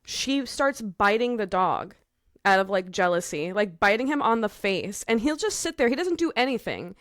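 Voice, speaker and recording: A woman's voice: mid-range voice, lively intonation, moderate pace, a bit bright, no room sound, studio quality. A young woman co-hosting a podcast, chatting casually in a frank, emphatic way. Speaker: podcast co-host. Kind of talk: casual chat.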